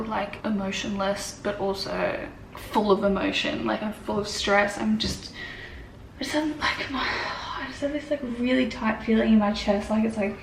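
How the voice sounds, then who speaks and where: A young woman, close to tears and stressed, rambles anxiously in a casual vlog to camera from her bedroom, swearing often and saying "like" a lot. She designs sewing patterns, and her voice is a little high and gravelly. The room echoes, with faint noise in the background.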